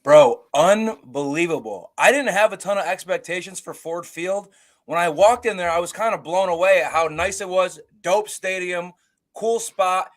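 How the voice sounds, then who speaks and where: A man co-hosting a casual sports show, telling an animated story, swearing freely and acting out his own shouts. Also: high voice, moderate pace. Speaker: podcast co-host. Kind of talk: casual storytelling about a game.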